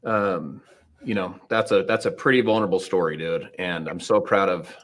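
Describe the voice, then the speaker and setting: A man on a business call, talking in a halting way with many fillers and restarts. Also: deep voice. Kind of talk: casual business call talk.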